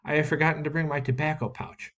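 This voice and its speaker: A man's voice: a little high, little pitch movement, fast talker, a bit bright, lo-fi sound, pitched above the performer's own voice, natural voice. A man reading aloud, voicing a brash male theatrical promoter from the New World with a drawling, hearty, informal manner.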